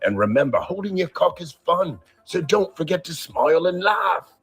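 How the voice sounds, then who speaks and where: A man playing an over-eager host of a rooster show, hammy and prone to shouting bursts. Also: big pitch swings, moderate pace, husky, soft background music, exaggerated voice. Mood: salesy. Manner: hammy, shouting bursts, wildly swooping pitch.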